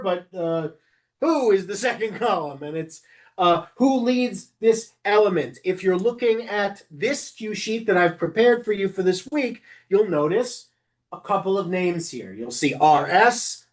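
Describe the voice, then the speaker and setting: A rabbi giving an instructional class talk to lay service leaders, conversational and often correcting themself mid-sentence. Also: mid-range voice. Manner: conversational, with frequent self-corrections and asides.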